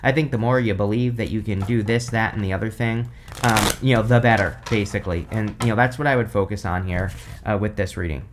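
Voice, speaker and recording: A young man giving a casual tarot reading to camera, rambling and thinking aloud with many fillers, clearly excited. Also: fairly low pitch, a little fast, slight background noise. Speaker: tarot reader.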